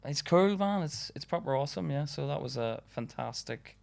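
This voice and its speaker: A man's voice: on the high side, expressive, moderate pace, vocal fry, a little mellow. Chatty young man, a laughing comedian guest. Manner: chatty, swears, laughs often, many fillers. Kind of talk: casual podcast chat.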